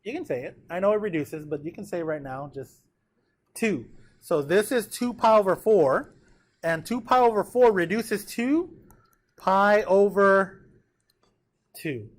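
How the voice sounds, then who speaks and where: A man teaches math to a class in a slightly high voice, keeping things casual and encouraging. He regularly stops to check whether everyone is keeping up, and his delivery is expressive.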